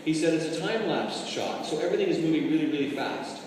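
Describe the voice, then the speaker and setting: A man recounting a comic story to a live audience, animated and acting out the voices and drum parts he describes. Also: on the high side, fast, slight background noise. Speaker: drummer telling a story. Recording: roomy hall from far off, music behind.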